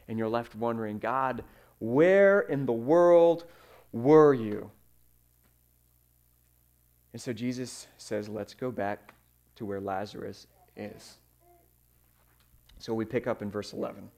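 A man preaching a sermon, telling stories with fillers and sudden swings in loudness. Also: medium pitch, vocal fry. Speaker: pastor.

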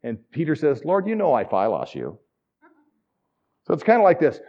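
A man's voice: on the high side, wildly swooping pitch, normal speed, dark tone, lo-fi sound. A man preaching a sermon in a conversational, enthusiastic teaching manner with asides. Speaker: pastor.

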